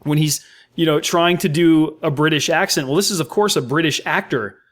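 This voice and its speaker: A man's voice: fairly high pitch, normal speed, a bit bright. An American man, a podcast co-host, talking about a film with enthusiastic, effusive praise and many fillers. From United States. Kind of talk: casual film discussion.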